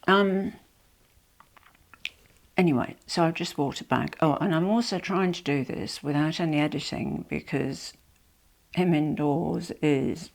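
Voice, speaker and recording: A woman's voice: low-pitched, creaky. A woman with a cold and a nasal voice, a bit out of breath, chatting and rambling apologetically to camera at home. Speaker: vlogger. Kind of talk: casual unboxing chat. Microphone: small microphone.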